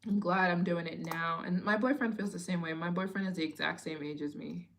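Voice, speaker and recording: Chatty lower-voiced young woman. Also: fairly quick, gravelly, a little hiss or hum. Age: 20s. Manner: chatty, expressive storytelling. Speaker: travel vlogger hosting a live Q&A. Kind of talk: casual live chat.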